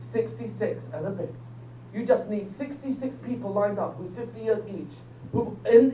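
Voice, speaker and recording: An older man, a rabbi giving a lively lecture that quizzes the audience and jokes with them. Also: high voice. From England. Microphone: phone recording from the audience. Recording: distant, echoey, dull phone recording with faint hum.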